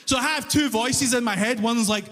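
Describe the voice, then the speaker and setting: A Glaswegian man performing stand-up on a big hall stage, acting out both sides of his story. His voice sits fairly high, and the long reverb of the venue trails behind every line. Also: normal speed, a bit bright. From Scotland. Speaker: stand-up comedian. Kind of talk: stand-up comedy set. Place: large concert hall stage.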